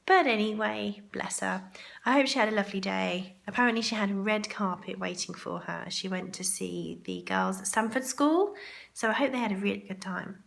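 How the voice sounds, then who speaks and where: A woman's voice: medium pitch, moderate pace, creaky, a bit bright. A woman vlogging to camera in a chatty, rambling way, her throat sore and groggy. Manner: chatty and rambling, with asides to herself. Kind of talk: chatty vlog monologue. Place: hotel ladies' room for part of it.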